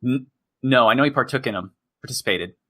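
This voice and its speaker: A man's voice: medium pitch, fast talker, bright, forceful tone. A man co-hosting a podcast, talking in a chatty, explanatory way. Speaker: podcast co-host. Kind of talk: casual discussion.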